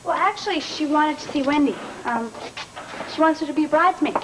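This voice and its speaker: A woman's voice: sits high, a little fast, fairly bright tone. An actress playing a hurt young woman who keeps her feelings guarded, in a 1980s daytime soap opera. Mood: polite, guarded. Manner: defensive, clipped, rising to indignation. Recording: noisy archived TV recording.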